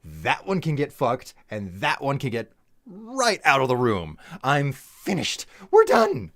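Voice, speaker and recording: A man's voice: medium pitch, sing-song, a little slow, fairly bright tone. A man streaming a game live, exasperated and swearing, teasing his chat.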